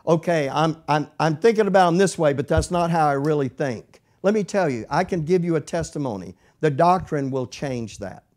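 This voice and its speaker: Man teaching a Bible study, fairly high voice. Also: darkish tone. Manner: conversational, rising to emphatic preaching.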